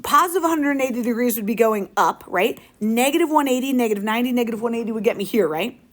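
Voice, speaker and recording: A woman's voice: a little high, animated, quick pace. Upbeat woman teaching a math class. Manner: upbeat, playful, asks the class questions. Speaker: high school math teacher. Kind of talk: classroom lecture.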